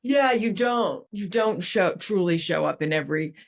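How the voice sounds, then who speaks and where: A woman's voice: fairly low pitch, normal speed, gravelly. A woman author and leadership consultant, a podcast guest, explaining her ideas and acting out how greetings can sound. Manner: animated, demonstrates tones of voice while explaining. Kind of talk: podcast interview.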